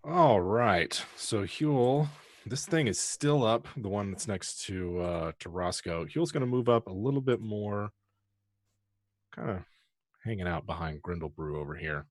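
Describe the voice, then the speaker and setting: A man takes his turn at a tabletop game, his voice low yet lively, rising and falling. He talks casually and playfully, working out his moves aloud. The sound is dry and close to the mic. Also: measured pace, dry recording. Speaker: player.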